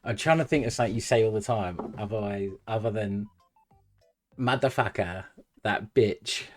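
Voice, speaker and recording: A man's voice: on the low side, fast talker, soft background music. A man hosting a live stream, chatting casually, joking and swearing between laughs. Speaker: livestreamer host.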